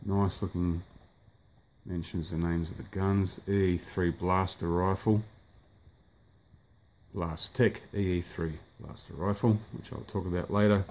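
A man's voice: sits low, fairly even intonation, a little slow, darkish tone. A man casually reviewing a collectible figure, rambling offhand with fillers and the odd curse, filmed indoors by a sunny window. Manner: rambling, offhand, swears at the sunlight.

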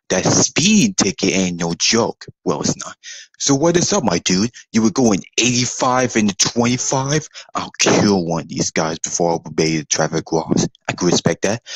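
Man, somewhat low and husky, slangy joking delivery for a comedy parody; dry recording. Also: no room sound, rough recording. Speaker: parody video voice actor. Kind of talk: comedic parody role-play.

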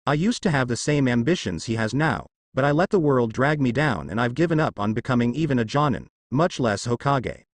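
A man's voice: mid-range voice, animated, brisk, few pauses, dry recording. A man voicing a kind, earnest young male ninja teacher in his twenties in a fan story reading.

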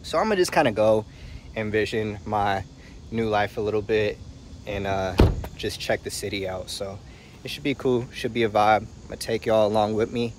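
Man, 30, congested, casual vlog, slangy, upbeat, lowish voice. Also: moderate pace, noisy background. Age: 30s. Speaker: vlogger. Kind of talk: casual vlog talk to camera.

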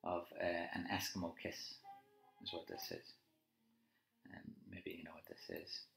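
Deep-voiced male teacher annotating a poem. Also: fairly even intonation, a little slow, creaky, fairly bright tone. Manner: conversational, thinking aloud with fillers and tag questions. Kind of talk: live poetry annotation lesson. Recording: roomy echo with faint music.

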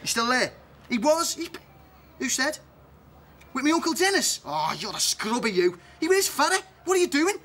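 A man's voice: very high voice, sing-song, normal speed, a bit bright, a little hiss or hum, heavily acted. An actor playing a jealous, foul-mouthed man who rants and makes threats in a TV comedy. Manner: accusing, ranting, threatening.

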